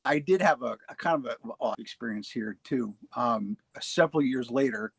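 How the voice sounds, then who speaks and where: Man, 40s, casual storyteller, mid-pitched, dry close sound, halting delivery. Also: creaky, breathy edge, no echo. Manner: halting, many restarts and fillers, laughs easily. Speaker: paranormal show guest telling his experiences.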